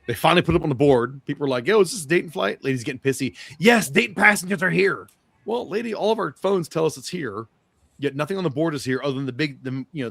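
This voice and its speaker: A man's voice: mid-range voice, no room sound. Cursing man telling a rambling story. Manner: profane, rambling anecdote with quoted dialogue. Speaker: podcast guest or co-host. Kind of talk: casual podcast storytelling.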